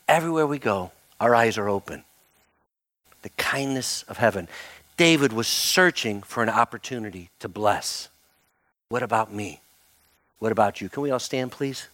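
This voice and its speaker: A man's voice: fairly low pitch, moderate pace, long pauses, dry recording. A middle-aged man preaching as a pastor, telling a funny personal story with self-mocking asides before leading into prayer. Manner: animated, self-mocking anecdote with laughs. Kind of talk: storytelling sermon.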